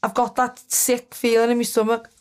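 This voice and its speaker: A woman's voice: a little high, completely flat delivery, normal speed, a little mellow, clear, resonant tone. Host: woman, casual, supportive interviewer. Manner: supportive, chatty, laughs along. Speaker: podcast host.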